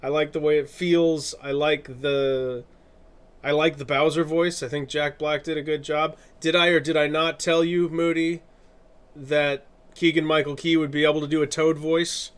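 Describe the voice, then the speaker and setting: A man's voice: fairly high pitch, flat delivery, moderate pace, clean tone. Chatty male streamer, laughing often. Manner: chatty, rambling, laughs often, self-correcting. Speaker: streamer and artist. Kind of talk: casual live-stream chat.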